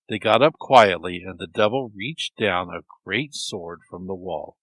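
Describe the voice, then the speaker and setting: A man telling a folk tale in a lively, expressive storytelling manner. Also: low-pitched, measured pace, hardly any pauses, slightly rough, no echo, rough recording. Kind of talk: storytelling narration.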